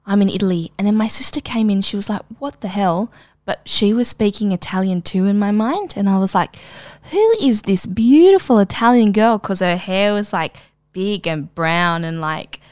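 A woman's voice: fairly low pitch, no room sound, clean studio sound. A young woman co-hosting a podcast, telling crude stories in casual chat with lots of laughter. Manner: lively, crude, laughing storyteller. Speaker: podcast co-host.

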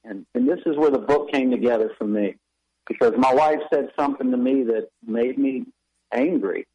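A man's voice: mid-range voice, moderate pace, husky, dull audio. A man, a pastor and author, telling a candid, confessional personal story in a radio interview with wry self-deprecating humor.

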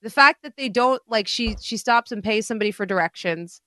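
A woman's voice: fairly high pitch, lively intonation, fairly quick, sharp tone, no room sound. A woman co-hosting a casual podcast chat, talking bluntly and with animation, swearing freely and dropping in Hindi-Urdu words. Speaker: podcast co-host.

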